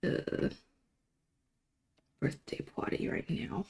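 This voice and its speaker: A woman putting on a low, raspy masked-villain voice in a whispered role-play, grumbling in third person. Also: very slow, darkish tone.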